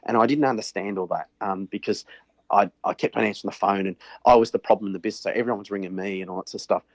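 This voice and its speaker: A man's voice: on the low side, racing, no echo. A middle-aged man, a business owner, chatting casually as an interview guest and often repeating words while he thinks aloud. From Australia. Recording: dull lo-fi audio.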